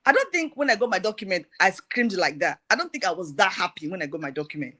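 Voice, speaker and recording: Woman telling a lively testimony. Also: on the low side, fast talker, few pauses. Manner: lively retelling with repeated phrases. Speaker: person giving a testimony. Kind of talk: personal testimony.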